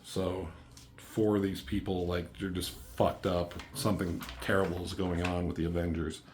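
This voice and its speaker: A man with a notably low voice talks through a comic book review in a loose, rambling way. He leans on fillers and drops casual swears as he sums up the story. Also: flat delivery, moderate pace, darkish tone, a little hiss or hum.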